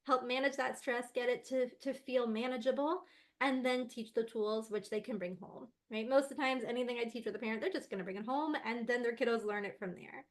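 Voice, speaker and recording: A woman's voice: on the high side, fairly even intonation, fairly quick. A woman guest on an interview podcast, a laughter yoga teacher chatting casually and animatedly, laughing often.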